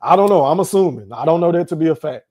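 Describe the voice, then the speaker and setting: Animated man hosting a live boxing podcast. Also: fairly high pitch, fast. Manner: animated, laughs often, talks straight to the chat. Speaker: podcast host. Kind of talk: casual live-stream commentary.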